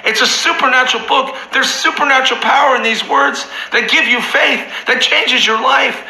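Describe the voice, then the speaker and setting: Casting: fervent male Bible teacher, bright, rambling, echoey room, faint hiss. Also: very high-pitched, moderate pace. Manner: impassioned, rambling, apologetic.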